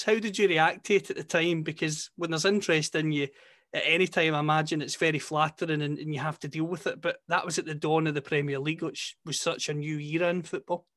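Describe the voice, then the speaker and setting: A man interviewing a former footballer, framing his questions with background context in a measured way. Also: a little high, a bit bright.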